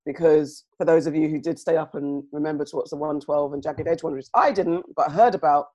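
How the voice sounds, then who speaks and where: A woman's voice: deep voice, steady tone, a little fast, darkish tone. A woman co-hosting a podcast, chatting casually and thinking aloud with many asides. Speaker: podcast co-host. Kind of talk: casual chat.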